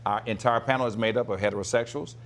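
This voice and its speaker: A man hosting a talk show who asks his guests direct questions in a steady way. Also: medium pitch, quick pace, slight background noise. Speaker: host.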